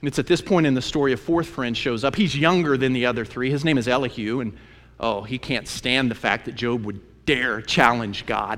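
A man's voice: mid-range voice, moderate pace, a bit bright. A man teaching a sermon on a Bible book, emphatic and conversational, repeating phrases for effect as he retells the story. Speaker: preacher. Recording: long reverb of a large hall.

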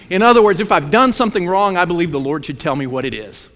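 A man's voice: sits high, lively intonation, fast talker, few pauses, fairly bright tone. A man teaching a sermon on a Bible book, emphatic and conversational, repeating phrases for effect as he retells the story. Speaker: preacher. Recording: long reverb of a large hall.

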